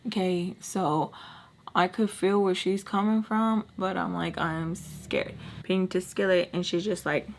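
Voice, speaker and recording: A woman's voice: on the low side, unhurried, creaky, slight background noise. A young woman tells a storytime to her viewers in loose, casual speech. She talks with plenty of "like" and "you know". She acts out what each person in the story said. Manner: animated, lots of fillers and quoted dialogue. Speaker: vlogger. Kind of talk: storytime vlog.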